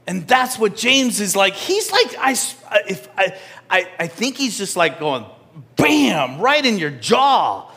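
A male pastor preaching in church with a bright, somewhat high voice. He talks slowly and casually to his congregation, with restarts and asides. He swings from loud emphasis to soft, near-whispered lines. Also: big pitch swings. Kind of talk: sermon.

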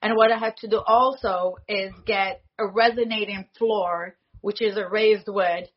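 A woman in her forties, a foley artist, telling stories in an animated way and acting out the dialogue she quotes. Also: medium pitch, unhurried, highs cut off. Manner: animated, acts out quoted dialogue, laughs often. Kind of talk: casual interview storytelling.

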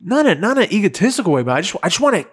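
A young man in casual podcast chat, with a slightly high voice. He speaks earnestly and from the heart, piling on "like" and "bro". His delivery is loose and conversational. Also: very animated, racing, husky. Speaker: podcast co-host.

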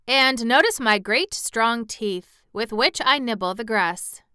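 A woman's voice: on the high side, slow pace, pushed and bright, smooth, no room sound, clean studio sound, voice pushed up. A woman voicing a proud, boastful male cab horse who talks down with pity. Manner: haughty, pitying.

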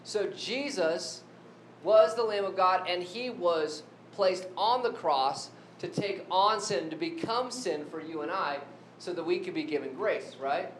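A man's voice: expressive, a little slow. A man preaching a sermon who keeps asking the congregation questions. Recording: echoey room with faint rumble.

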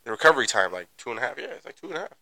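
A man of thirty-one co-hosting a podcast, tossing in quick, teasing remarks in casual chat, often quiet and low-key. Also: very animated, creaky, no room sound, poor audio. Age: 30s. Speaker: podcast co-host.

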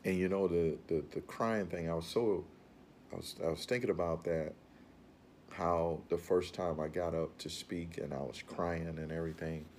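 A man with a very low, deep voice gives an informal motivational talk. He speaks earnestly and rambles, often repeating his words as he works toward a point. Faint room ambience sits behind him. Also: steady tone, normal speed, darkish tone, a little hiss or hum.

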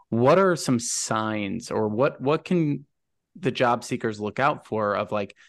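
A man hosts a career talk, chatting easily and turning over his thoughts before asking his guest something. His voice is middle in pitch and sounds dry and close. He tends to restart his phrases as he thinks. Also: vocal fry, no echo. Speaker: podcast host on job searching. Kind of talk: conversational interview.

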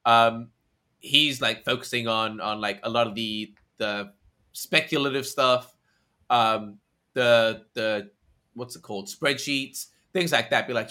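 Bright-voiced man chatting loosely. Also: medium pitch, fairly even intonation, unhurried. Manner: rambling, filler-heavy, says "like" often. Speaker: content creator. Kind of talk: casual chat.

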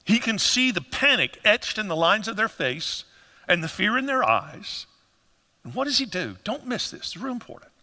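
A man preaches with great animation, his voice pitched high and swinging widely as he acts out scenes for his congregation. The sound is strikingly bright and carries a long hall reverb. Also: sing-song, normal speed. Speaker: pastor. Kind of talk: sermon.

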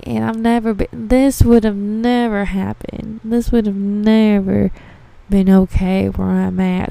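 A woman's voice: vocal fry, dark tone, no room sound, poor audio. A woman putting on a chatty, folksy older shop customer with a put-on drawl. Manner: put-on Southern-ish drawl, high and gushing.

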